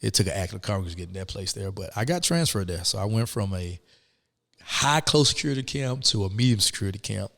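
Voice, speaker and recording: A middle-aged man, a guest telling his story in an animated, emphatic way, full of "man" and "you know what I'm saying". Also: fairly low pitch, brisk, creaky, big-room sound. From Atlanta, Georgia. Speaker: interview guest. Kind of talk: conversational storytelling.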